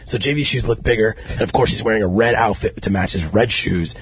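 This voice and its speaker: A man's voice: on the low side, fairly quick, a little hiss or hum. A man hosting a podcast, telling boastful stories in crude, casual banter. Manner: boastful storyteller, laughs at his own jokes. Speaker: podcast host.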